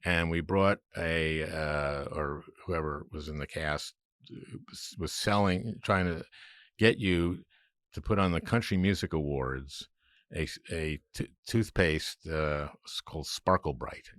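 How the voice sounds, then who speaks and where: A man's voice: very deep voice, a little slow, a bit bright, dry recording, clean studio sound. A man hosting a podcast interview, laughing often and restarting his sentences. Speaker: podcast host. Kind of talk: casual interview.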